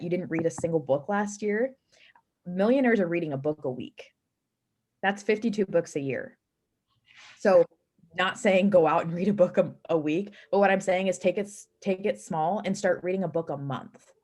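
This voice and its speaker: A woman with a somewhat low voice shares earnest, practical advice on a team video call. She pauses on fillers and restarts now and then, in a steady, matter-of-fact tone.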